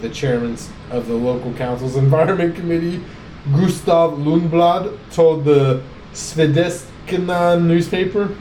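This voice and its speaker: A man's voice: on the high side, unhurried, darkish tone. A man hosting a podcast, chatting casually, crude and joking while reading news stories aloud. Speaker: podcast host. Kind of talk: casual chat. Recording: echoey room, faint background noise.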